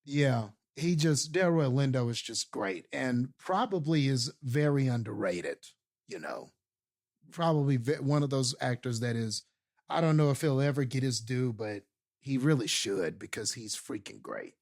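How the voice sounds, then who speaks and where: A man's voice: mid-range voice, lively intonation, measured pace, a little mellow. A man co-hosting a casual movie review podcast, enthusiastic and rambling, with many fillers and restarts. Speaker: podcast co-host.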